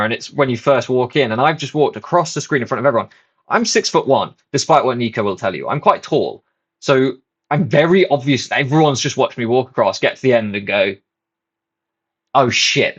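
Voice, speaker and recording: A man's voice: mid-range voice, lo-fi sound. A man and channel host casually telling a rambling, self-mocking story, swearing freely.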